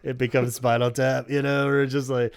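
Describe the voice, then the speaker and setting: A man's voice: mid-range voice, flat delivery, normal speed, clear, resonant tone, no echo, clean studio sound. A man hosting a podcast in casual chat, a rambling storyteller who swears freely and acts out quotes. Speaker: podcast host.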